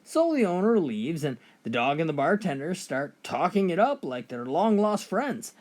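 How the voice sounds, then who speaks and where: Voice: mid-range voice, sing-song, normal speed, a little mellow. A joke teller reading out a run of short funny stories, switching briefly into voices for the characters.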